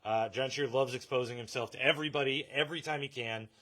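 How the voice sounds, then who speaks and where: A man's voice: mid-range voice, fast, bright, forceful tone. A man hosting a casual live stream from a comic shop, joking and laughing often.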